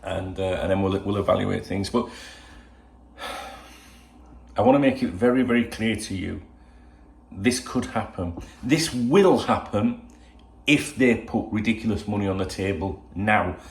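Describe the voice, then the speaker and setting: A man's voice: deep voice, moderate pace, vocal fry, long pauses. An older man from England talking casually to camera at home as a football channel host, rambling with lots of "you know" asides. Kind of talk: casual solo video chat. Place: at home indoors. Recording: roomy home echo.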